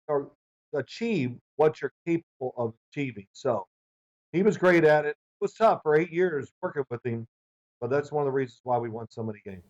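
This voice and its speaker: A man's voice: fairly high pitch, muffled recording. A man in his sixties, a former quarterback, telling stories in an interview and acting out his old coach's lines. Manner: animated anecdotes, acts out quoted coach in raised voice. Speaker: former football quarterback, guest. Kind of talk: storytelling interview answers. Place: remote video call.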